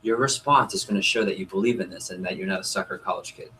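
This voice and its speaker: A man with a fairly low pitch rattles through a sales training session with few pauses, lively and animated. He asks the group questions and acts out customer lines, and the rough audio has a little hiss or hum.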